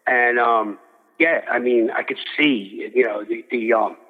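A man's voice: mid-range voice, a little slow. An older man from Philadelphia, a boxing cutman, telling rambling stories in a casual interview, full of restarts and fillers. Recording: phone-like audio with long reverb.

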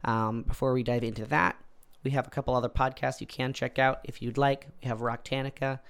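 A man hosting a casual podcast chat, hoarse and croaky from a cold, jokey and relaxed with many ums. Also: medium pitch, fairly quick. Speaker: podcast host.

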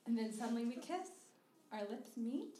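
A young woman laughs her way through a funny personal story at a live show, saying "like" constantly in a chatty manner. Her slightly high, mellow voice is expressive and moderately paced, picked up from a distance in a roomy, noisy stage recording.

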